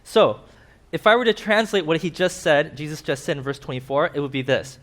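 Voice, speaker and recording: A man preaching a sermon as pastor, explaining a parable with a slide diagram and acting out the characters in lively put-on voices. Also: fairly quick. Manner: animated, acts out quoted characters with sudden pitch jumps. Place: church.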